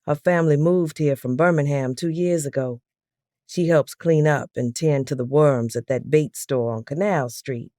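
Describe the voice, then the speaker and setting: A man's voice: a little high, moderate pace, dark tone, dry recording, studio quality, close to an everyday voice. A woman voicing a young man who talks chattily. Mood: chatty. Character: young man, chatty about a new girl.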